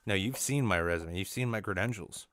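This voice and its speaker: A man's voice: fairly low pitch, fairly quick, a bit bright, no room sound. A man doing an improvised comedy bit, rambling in a mock-serious tone with lots of restarts. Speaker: podcast co-host.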